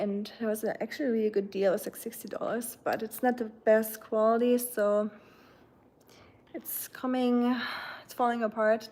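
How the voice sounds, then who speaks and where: Woman in her thirties, livestream host, casual rambling chat, mellow higher voice. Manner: chatty, rambling, with frequent fillers. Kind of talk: casual chat reading viewer comments.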